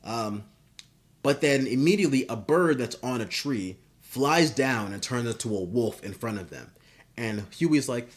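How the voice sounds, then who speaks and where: Rambling, casual man, mid-pitched voice. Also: animated, unhurried. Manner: rambling and profane, with many fillers. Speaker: video creator. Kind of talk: casual spoken pitch of a story.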